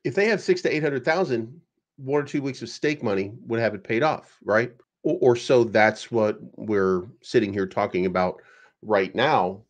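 Brief: male online host, lively swooping pitch, rambling sarcastic rant, swears freely. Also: moderate pace. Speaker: crypto YouTube commentator. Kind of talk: casual ranting commentary.

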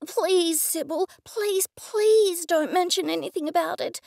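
A woman doing a jittery, high-pitched lawyer's wife. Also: lively intonation, slow, vocal fry, mellow, no room sound, clean studio sound, full character voice. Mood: nervous pleading. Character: nervous, flustered adult woman, lawyer's wife.

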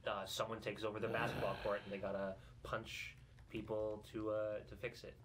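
Give me a playful man joking deadpan in casual podcast chat, with clear noise behind. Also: on the low side, moderate pace. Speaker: podcast co-host.

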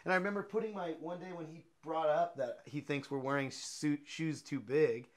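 Animated man with a fairly high voice. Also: normal speed. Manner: animated, laughing, swears casually. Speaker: interviewee, skateboarder. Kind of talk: casual storytelling interview.

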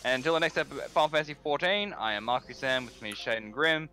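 A laid-back man chats and swears casually while he plays a game with a friend. His voice is bright and clear. Faint game music runs underneath. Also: a little high, expressive, fast. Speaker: co-host of a gaming channel. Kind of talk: casual gaming chat.

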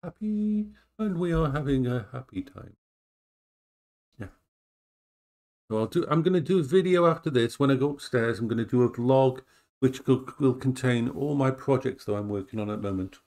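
A man's voice: medium pitch, expressive, normal speed, a little mellow. A middle-aged man in casual chat at home, rambling and playful, recorded on a tablet camera. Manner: rambling, playful, talks to his dogs in a cooing voice. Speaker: vlogger. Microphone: tablet as action cam.

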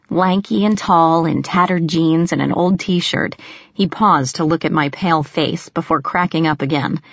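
A woman narrates a first-person audiobook in a measured, storytelling manner. Her voice sits low for a woman. The recording is dry, with no room echo, and slightly muffled.

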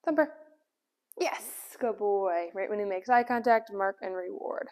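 A woman dog trainer giving a casual demonstration, calmly explaining between cheerful calls of the dog's name and quick praise, recorded indoors on a camera at a distance. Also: mid-range voice. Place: indoors at home.

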